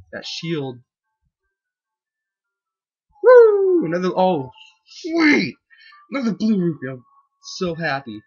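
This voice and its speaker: A man giving let's-play commentary, excitable, whooping and yelling at the game in a husky voice. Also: high-pitched, lo-fi sound. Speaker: gamer playing a video game.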